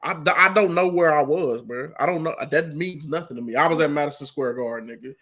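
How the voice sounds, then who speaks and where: A man with an average voice talks bluntly in relaxed podcast banter. He repeats himself for emphasis and keeps tacking on a "bro.". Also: fairly high pitch, fast talker. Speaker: podcast co-host. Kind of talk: casual chat.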